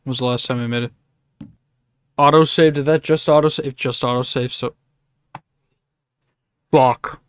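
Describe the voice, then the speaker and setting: A man's voice: medium pitch, fairly even intonation, normal speed, pauses often, clear, resonant tone, no room sound. A young man streaming a video game, swearing, complaining and laughing in mock grief. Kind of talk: casual game commentary.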